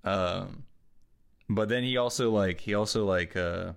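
Low-voiced young man rambling casually. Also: measured pace, vocal fry. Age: 20s. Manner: rambling, filler-heavy, laughs often. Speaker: podcast co-host. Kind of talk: casual podcast chat.

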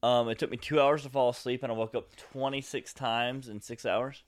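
A man's voice: mid-range voice, steady tone, normal speed. A man co-hosting a podcast in casual chat, rambling with lots of filler words. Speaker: podcast co-host.

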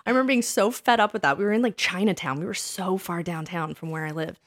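A woman telling funny stories about old dates in a casual chat, laughing often and acting out what she said back then in a higher voice. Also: fast talker. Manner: animated, laughing, quotes herself in a higher voice. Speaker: podcast co-host.

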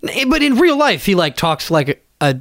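A man's voice: high-pitched, sing-song, fairly quick, fairly bright tone, no room sound, clean studio sound. A man co-hosting a casual comedy podcast, playful and argumentative, swearing freely. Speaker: podcast co-host.

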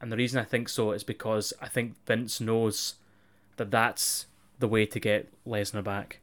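Brief: young man, mid-pitched, relaxed sweary banter. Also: normal speed. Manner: chatty, sweary, laughs easily. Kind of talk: casual chat.

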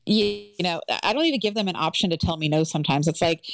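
A woman on a podcast chatting casually, assertive and quick to laugh. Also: fairly low pitch, animated, dry recording. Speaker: podcast co-host.

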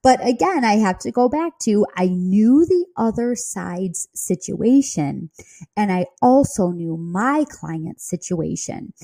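On her real estate podcast, a woman shares her story through casual, chatty asides and frequent giggles. Her mellow, warm voice sits at a middle pitch, animated yet slow-paced.

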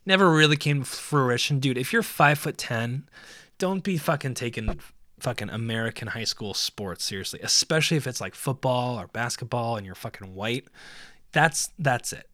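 A man's voice: medium pitch, expressive, normal speed, fairly bright tone, no echo, studio quality. A young man hosting a podcast, telling profane, rambling stories in a casual solo monologue. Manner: profane, rambling storytelling with laughs. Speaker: podcast host.

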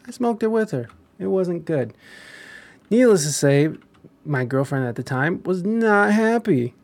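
A man's voice: high voice, animated, measured pace, a little mellow. A young man giving rambling, crude and profane casual commentary as a vlogger.

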